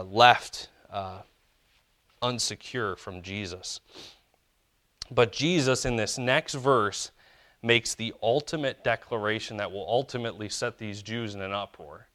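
A man delivers a sermon from the pulpit, his voice low and smooth. He preaches earnestly and slows down to stress the words that matter most. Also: a bit bright. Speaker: pastor.

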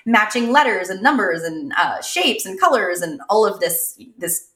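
A woman in her thirties, co-hosting a podcast, telling stories in a casual, animated way and laughing often. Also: mid-range voice, normal speed, reverberant. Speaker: podcast co-host. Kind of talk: casual chat.

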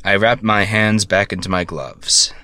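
A man telling a first-person story, narrating in a halting way with stammered self-corrections. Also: fairly low pitch, steady tone, sharp tone, clear, resonant tone, no echo.

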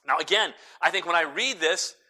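Pastor mid-sermon, high pitched man, swings loud and soft with quips. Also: a little fast. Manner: lively preaching, swings between loud and hushed, quips.

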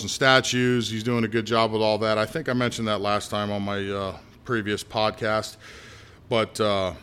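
A man's voice: mid-range voice, fairly bright tone, smooth. A middle-aged man from the United States hosting a casual solo podcast, blunt and ranting, with many asides and restarts. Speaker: podcast host.

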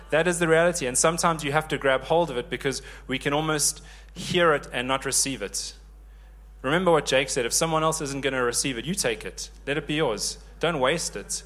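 A man in his thirties preaching a sermon, lively and joking with the congregation. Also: medium pitch. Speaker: pastor.

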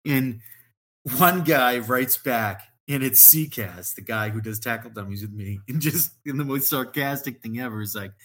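A man's voice: medium pitch, moderate pace, fairly bright tone. A man, a podcast guest, telling a rambling story in casual chat, full of "like" and frequent laughter.

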